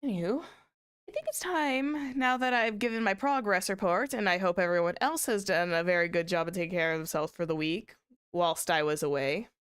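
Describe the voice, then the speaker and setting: A woman's voice: lowish voice, a little fast, fairly bright tone, clean tone. A woman streamer chatting casually with viewers, rambling with many restarts and small laughs. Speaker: VTuber streamer.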